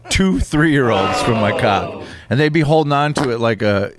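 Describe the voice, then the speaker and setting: A man guesting on a comedy podcast, trading crude jokes in a deadpan, matter-of-fact way. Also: medium pitch, a little slow, crowd noise. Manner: deadpan, matter-of-fact about absurd lewd claims.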